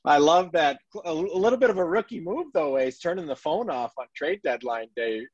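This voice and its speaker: A man's voice: a little high, animated, a little fast, a little mellow, husky, no echo. A man who played pro hockey, talking casually about his career in a laid-back, teasing way. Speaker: former pro hockey player, podcast co-host. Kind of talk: casual chat. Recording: dull, dry sound.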